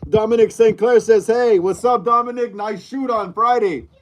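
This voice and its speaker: A man's voice: sits high, moderate pace, a little hiss or hum. Upbeat man hosting a home livestream. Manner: repetitive, upbeat greetings while reading chat aloud. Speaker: livestream host. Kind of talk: casual live-stream chat. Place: room at home, mid-move.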